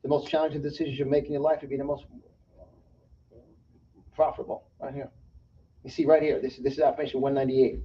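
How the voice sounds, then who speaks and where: A man speaking as a guest, preaching motivation in an emphatic way and swinging between loud bursts and soft asides. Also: medium pitch, little pitch movement, quick pace, long pauses, a little hiss or hum. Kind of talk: fired-up motivational interview talk. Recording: dull, distant sound with faint room ambience.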